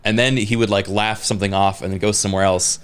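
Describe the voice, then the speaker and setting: A man in his thirties co-hosts a podcast and casually tells a story, using lots of fillers and restarting his sentences often. His lowish voice stays steady and smooth even though he talks fast.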